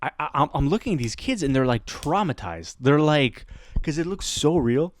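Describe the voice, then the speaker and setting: A male podcast host with a voice on the high side tells a lively, casual story about the class he teaches, at a moderate pace. He laughs often and acts out the voices of the people he quotes.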